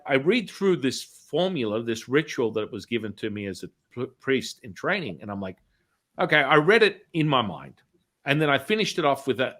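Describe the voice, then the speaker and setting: A middle-aged man, hosting a talk show and telling a story in a lively, casual way, acting out the dialogue and swearing now and then. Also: mid-range voice. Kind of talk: animated anecdotal storytelling.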